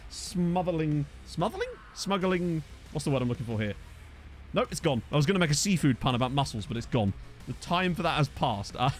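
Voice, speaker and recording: A young man live-streaming a game, chatting casually, joking and reading out chat messages. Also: on the high side. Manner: lively, jokey, chatty, reads chat aloud. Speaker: streamer and host.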